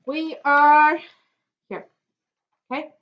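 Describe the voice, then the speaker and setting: A woman with a bright, high voice reads aloud slowly for a children's story time. She is gentle and encouraging, pausing to gasp at the pictures. The sound is dull and lo-fi. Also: fairly even intonation. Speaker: children's librarian.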